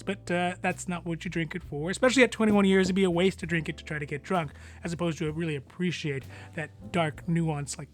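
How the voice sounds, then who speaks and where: A man hosting a whiskey review vlog, talking casually in a relaxed, rambling way with lots of fillers and small chuckles. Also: high voice. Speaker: whiskey channel host.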